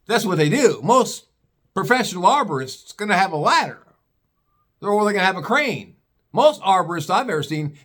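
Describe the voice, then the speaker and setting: A man telling a funny story in a casual, animated way, mocking the people in it and swearing freely. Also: on the high side.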